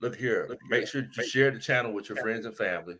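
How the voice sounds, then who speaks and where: A man co-hosting a casual sports podcast, laughing often and giving shout-outs to viewers. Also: lowish voice, fairly quick, noisy background. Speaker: co-host.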